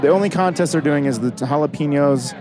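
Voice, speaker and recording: A man's voice: a little high, a little fast, a crowd in the background. A man hosting a show at an outdoor food festival, chatting casually and upbeat with guests. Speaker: podcast host. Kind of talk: casual interview. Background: music.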